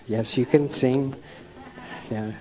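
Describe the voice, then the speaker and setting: A man leading a church service, giving announcements in a halting, warm-hearted way with many ums and uhs. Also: medium pitch, steady tone. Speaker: service leader.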